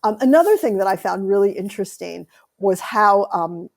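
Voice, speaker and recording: An American woman speaks as a guest on an interview podcast, answering at length with lively anecdotes. Her voice carries a gravelly, creaky edge, and her pitch sits at an ordinary middle height for a woman. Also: normal speed. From United States. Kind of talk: conversational interview.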